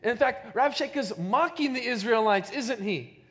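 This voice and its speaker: A pastor giving a sermon, emphatic and full of rhetorical questions. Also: male voice, very high-pitched, normal speed, fairly bright tone, in a large hall.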